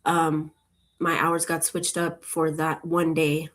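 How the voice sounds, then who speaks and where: A woman with a somewhat low voice talks casually to her viewers. She rambles cheerfully from one thought to the next, easy and talkative. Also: completely flat delivery, slow, a bit bright. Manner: chatty, rambling, upbeat. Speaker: channel host.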